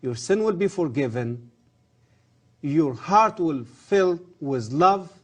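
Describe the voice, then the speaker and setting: Earnest man, husky voice. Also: fairly high pitch, expressive, muffled recording. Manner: earnest, halting non-native English with rising emphasis. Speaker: guest, former professor. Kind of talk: religious TV interview.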